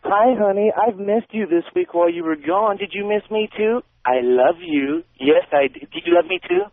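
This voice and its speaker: A male caller voicing a jealous, bossy wife who accuses her husband in a shrill, swooping voice. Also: sing-song, moderate pace, no room sound. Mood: whiny. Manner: shrill mock falsetto, swinging up and down. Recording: tinny phone line, dry.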